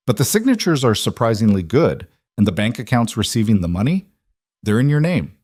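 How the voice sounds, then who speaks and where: A man playing a cold, controlled mafia boss who talks in a calm, matter-of-fact, almost gentle way. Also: mid-range voice, a little fast, no room sound, studio quality.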